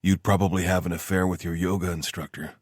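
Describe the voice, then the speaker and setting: A wry soldier jokes with his lover in a deep, low voice with a husky edge, as a male narrator reads him. The banter is dry and deadpan, close and without room sound. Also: fast, no echo.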